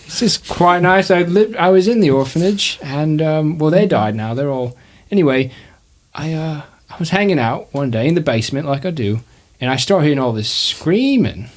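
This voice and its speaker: A man's voice: on the high side, animated, voice pushed up, natural voice. A man doing a jittery orphan young man. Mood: nervous. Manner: rambling, halting, fearful storytelling.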